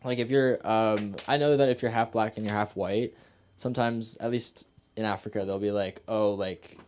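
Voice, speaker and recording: Young man, stand-up comic, nervous, rambling, halting, comedy club stage. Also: fairly low pitch, steady tone, darkish tone. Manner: rambling, halting, many fillers and restarts. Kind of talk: open-mic stand-up.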